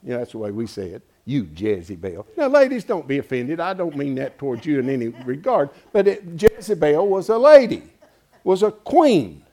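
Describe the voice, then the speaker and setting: A man preaching a sermon in a folksy, animated way, with exclamations of praise. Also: fairly high pitch, moderate pace. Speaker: pastor.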